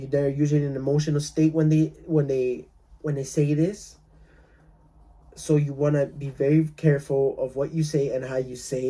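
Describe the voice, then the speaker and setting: Mellow-voiced man coaching sales calls. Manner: role-plays calls with sellers, laughing at his own lowball offers; repetitive, restarts often. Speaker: real estate wholesaling coach. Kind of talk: casual instructional talk.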